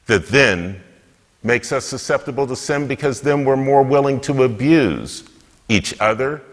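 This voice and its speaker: A deacon giving an earnest, measured homily. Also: male voice, medium pitch, fairly bright tone, long reverb tail.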